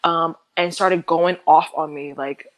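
A young woman guest speaking candidly in an interview, halting with many fillers and restarts, lively when she quotes others. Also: sits low, rough recording.

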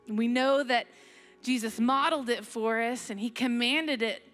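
Woman, middle-aged, sermon, conversational, bright tone, faint music behind. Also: on the high side, measured pace. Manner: conversational, reads scripture aloud, playful asides. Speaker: preacher. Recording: long hall reverb, faint music.

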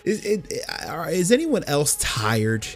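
A man co-hosting a casual fan podcast, talking in a slangy, animated way with many restarts. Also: fairly high pitch, takes it slowly. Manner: animated, slangy, stumbles and repeats words. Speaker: podcast co-host.

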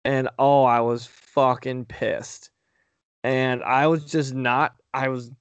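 A man's voice: mid-range voice, flat delivery, takes it slowly, clear, resonant tone, no echo, dull audio. A man co-hosting a podcast, telling stories in a profane, emphatic way during casual banter. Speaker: podcast co-host.

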